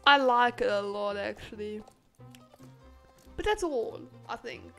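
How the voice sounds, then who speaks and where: A woman who is sick, chatting excitedly and reading game text aloud as she plays. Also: fairly high pitch, slow, faint music behind. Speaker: gaming channel host. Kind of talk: casual gameplay commentary.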